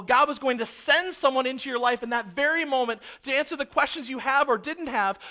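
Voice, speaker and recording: A male pastor preaching a sermon, animated and acting out the people in the story. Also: extremely high pitch. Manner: animated, acts out characters.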